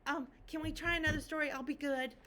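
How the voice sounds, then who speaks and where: A woman voicing an excitable little red chick in a picture book read-aloud, eager and pleading. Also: high voice, quick pace, a little hiss or hum, voice pushed up.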